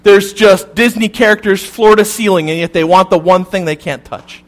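A man preaching a sermon, telling the story with humor and dropping to a soft, serious tone at key points. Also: high voice, normal speed. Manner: animated, humorous storytelling with sudden drops to soft intensity. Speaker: pastor.

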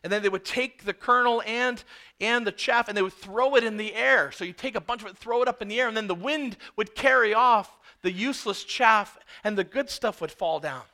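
A man preaching a sermon, telling a story with animated emphasis and many rhetorical questions. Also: sits high, fairly quick.

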